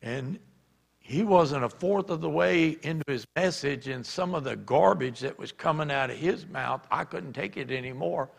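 Gravelly preacher man telling stories, punchy shouts, big church reverb. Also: on the high side, normal speed. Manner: animated, acts out shouted quotes. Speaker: pastor. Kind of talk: sermon storytelling.

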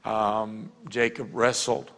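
Gravelly-voiced pastor preaching, earnest. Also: male voice, on the low side, level tone, slow. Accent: Louisiana. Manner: earnest storytelling, drops to a quiet hush for emotional moments. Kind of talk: sermon. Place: church sanctuary.

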